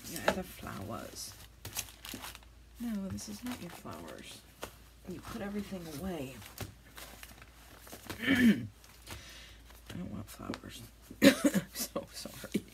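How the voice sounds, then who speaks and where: Woman, low and lively crafting vlogger, chatty self-deprecating rambler, noisy home mic. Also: slow, vocal fry, pauses often. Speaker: crafting channel host. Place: home, with dogs nearby.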